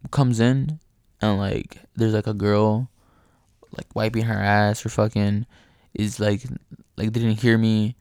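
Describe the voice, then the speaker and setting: A young man telling a profane, animated story in casual chat, often laughing. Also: lowish voice, no echo, studio quality.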